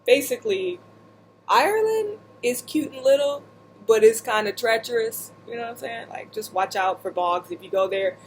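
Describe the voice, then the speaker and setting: A woman vlogger seated indoors, casually telling a story in an animated, joking way with lots of asides. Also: on the high side, normal speed, slight background noise, poor audio.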